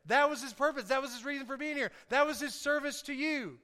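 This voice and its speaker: A man preaching a sermon as pastor, lively and joking, calling on the congregation to answer back. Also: extremely high pitch, fast talker. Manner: lively, joking, calls for audience response. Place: church hall. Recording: echoey hall.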